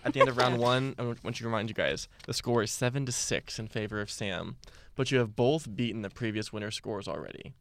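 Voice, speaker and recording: A young man hosting a casual movie trivia game, reading questions slowly and deliberately. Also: mid-range voice, fairly bright tone, no echo. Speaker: quiz host.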